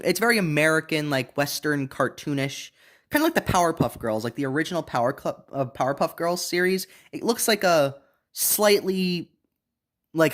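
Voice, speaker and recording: A man's voice: a little high, fairly bright tone. A young man giving a casual, unscripted anime review, rambling with many restarts and fillers.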